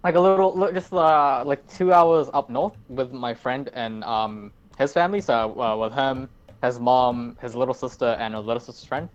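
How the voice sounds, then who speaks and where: A man's voice: medium pitch, moderate pace, lo-fi sound. A teenage man, co-hosting a casual podcast, blunt and joking with lots of swearing. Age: teens. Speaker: podcast co-host. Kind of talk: casual chat.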